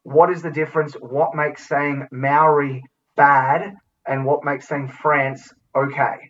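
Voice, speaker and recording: A man's voice: fairly high pitch, little pitch movement, takes it slowly, fairly bright tone. An Australian man co-hosting a podcast, blunt and provocative as he muses aloud in casual banter. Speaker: podcast co-host. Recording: distant, dull lo-fi sound.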